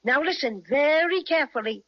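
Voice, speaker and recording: A woman's voice: high-pitched, expressive, fairly quick. A woman voicing a small, friendly male teddy bear with a playful Irish-flavored lilt, in a radio play on a dull lo-fi recording. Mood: kindly, coaxing.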